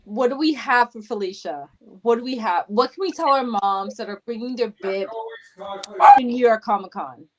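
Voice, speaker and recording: A woman's voice: fairly high pitch, big pitch swings, moderate pace, slight background noise, low-quality recording. A woman hosting a casual podcast panel, upbeat, prompting and encouraging her guests. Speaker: podcast host.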